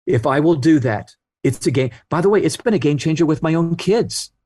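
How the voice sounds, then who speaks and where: A man's voice: a little high, expressive, fairly quick, mellow, dry recording. Earnest man in his sixties telling stories. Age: 60s. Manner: earnest anecdotes, acts out quoted voices. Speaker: guest author. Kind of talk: storytelling interview talk.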